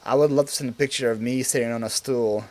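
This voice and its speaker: A man's voice: mid-range voice, fairly even intonation, quick pace, darkish tone. A man hosting a casual live stream, rambling with lots of filler words and reading viewer comments aloud before answering them.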